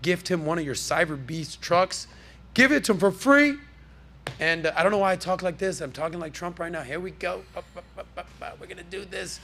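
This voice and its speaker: A man's voice: sits high, fairly even intonation, brisk, vocal fry, few pauses, a bit bright, a little hiss or hum. A man hosting a casual pop-culture podcast, riffing in a brash, jokey, salesman-like way from a podcast studio. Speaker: podcast host.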